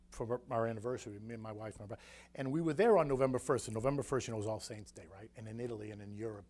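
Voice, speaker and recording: A man from the United States, a floor broker speaking as guest, telling a story in a rambling, animated way that repeats his words. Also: medium pitch, creaky. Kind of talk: casual emotional storytelling talk.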